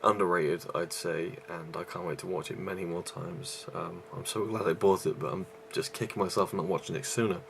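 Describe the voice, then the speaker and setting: A man's voice: deep voice, steady tone, normal speed, gravelly, few pauses, a bit bright, a little hiss or hum. A man reviewing a movie in a casual vlog, out of breath and rambling with many fillers and restarts.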